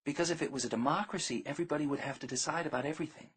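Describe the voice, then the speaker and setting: A man reading an audiobook, voicing an earnest, thoughtful teenage girl with a soft, gently lecturing manner. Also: a little high, racing, husky, voice pushed up. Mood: explaining. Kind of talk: audiobook character voice.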